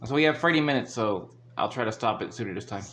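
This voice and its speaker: A man's voice: fairly low pitch, animated, fast, a bit bright, slight background noise. Swearing ranting man in echoey room. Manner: angry, swearing, laughs between rants. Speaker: reaction video host. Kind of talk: profane ranting commentary.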